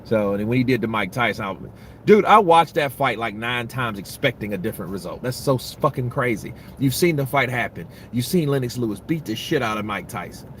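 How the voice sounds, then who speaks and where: A man's voice: mid-range voice, animated, brisk, a little hiss or hum. A man giving casual, rambling boxing commentary, full of profanity and restarts.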